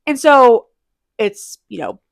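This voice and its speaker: A woman co-hosts a casual podcast, chatty and profane, tossing out teasing asides. Her voice sits a little high for a woman. The recording is close and dry. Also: sing-song, takes it slowly, vocal fry, no room sound. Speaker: podcast co-host. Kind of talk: casual chat.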